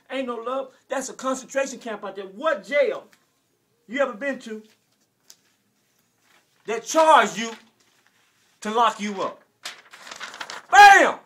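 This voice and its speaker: A man in his forties from Arkansas with a Southern American accent, delivering an emotional, preachy rant that repeats phrases and bursts into shouts. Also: high voice. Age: 40s. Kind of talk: impassioned direct-to-camera rant.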